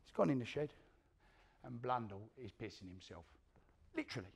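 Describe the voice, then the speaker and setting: A man's voice: medium pitch, moderate pace, creaky, husky. A man playing an East End career criminal in a one-man stage play, telling his violent story in coarse, swearing East London street talk and acting out what others said. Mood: gritty. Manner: animated storyteller who acts out the quotes of others. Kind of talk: theatrical monologue to a live audience.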